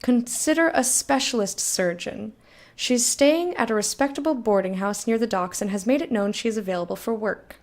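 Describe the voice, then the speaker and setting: Speaking a little high at a moderate pace, a woman plays a game on stream, reading its text aloud. She chats frankly and casually with viewers and doesn't hold back on swearing.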